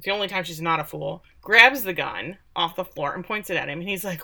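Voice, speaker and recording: A woman from Texas co-hosting a podcast, giving a sarcastic, animated recap of a show and acting out the quotes. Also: on the low side, brisk, vocal fry, few pauses, slight background noise. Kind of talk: casual chat.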